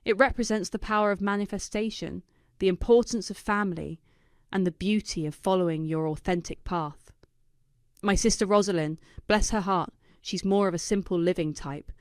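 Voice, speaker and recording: A woman voicing a gushing, self-satisfied young female influencer who talks in sugary, showy speeches, her voice smooth and dry. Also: mid-range voice, fairly even intonation, normal speed, no room sound, lightly acted.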